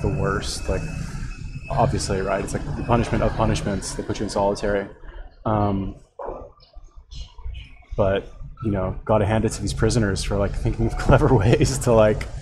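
A man's voice: fairly low pitch, fairly even intonation, moderate pace, background noise. A man commenting on a video clip, thinking aloud in a rambling, hesitant way. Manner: rambling, hesitant, lots of fillers and restarts. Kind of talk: reaction commentary.

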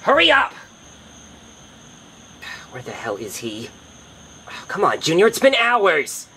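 A man's voice: fairly high pitch, huge pitch swings, slow, pushed and bright, slight background noise, heavily acted. A man voicing an exasperated, sensible boy who stammers and gets sarcastic. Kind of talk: comedy skit acting.

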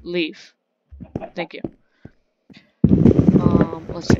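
Slow-talking woman with loud background noise. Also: on the low side, muffled recording. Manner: playful trash talk at game characters. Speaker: gaming channel host. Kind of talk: casual gameplay commentary.

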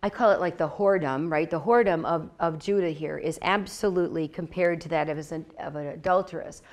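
Woman, Bible teacher, conversational teaching, repeats phrases, checks in with listeners, animated quoting. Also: low voice, fairly quick. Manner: animated, acts out God's words.

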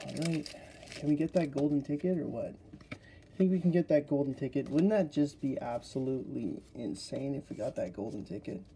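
Excitable man with a very dark, mellow voice. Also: mid-range voice, moderate pace, creaky, a little hiss or hum. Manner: excitable, chatty, talks straight to viewers. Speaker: card-opening video host. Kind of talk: casual unboxing commentary.

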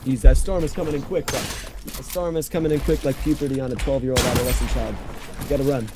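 Excitable joking man gaming. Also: medium pitch, quick pace, very noisy. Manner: joking, rambling, excitable in fights. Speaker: teammate in a game stream. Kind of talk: casual gaming chat.

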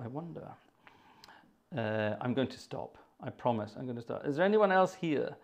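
A man's voice: mid-range voice, lively intonation, normal speed, gravelly, a little mellow. A man hosting a livestreamed organ concert, greeting viewers by name in a chatty, joking way and mocking himself. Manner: chatty, jokey, self-mocking asides. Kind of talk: casual chat greeting viewers.

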